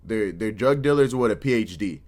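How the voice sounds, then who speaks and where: A man's voice: lowish voice, expressive, moderate pace, darkish tone. A man hosting a reaction video, talking casually with lots of slang and restarts.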